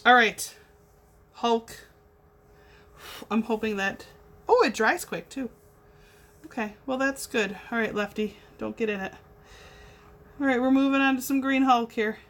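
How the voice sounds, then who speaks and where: Brief: young woman, bubbly craft livestream host, a fairly high voice, chatty asides while she works. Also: a little slow, long pauses, fairly bright tone. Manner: bubbly, chatty, talks to viewers while working. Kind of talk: casual chat while painting.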